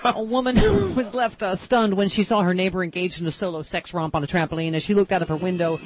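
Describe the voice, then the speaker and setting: A woman's voice: lowish voice, expressive, fast talker, a little hiss or hum. A woman hosting a casual, comedic talk radio show, reading odd news headlines and cracking jokes. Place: radio studio. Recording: dull lo-fi broadcast audio, faint music.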